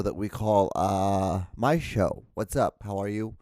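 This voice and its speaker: A man's voice: fairly low pitch, takes it slowly, few pauses, darkish tone, no room sound. A man hosting his own solo podcast, rambling and ranting with crude, profane jokes into a close mic. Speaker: podcast host. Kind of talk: solo comedic rant podcast.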